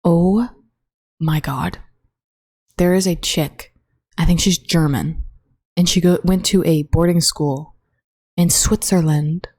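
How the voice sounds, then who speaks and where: Young woman podcaster, low and mellow, rambling and profane, flat bored delivery, dry close mic. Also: slow pace, long pauses, husky, no room sound. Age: young adult. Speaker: college student podcast host. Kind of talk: casual solo podcast monologue. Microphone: own desk microphone.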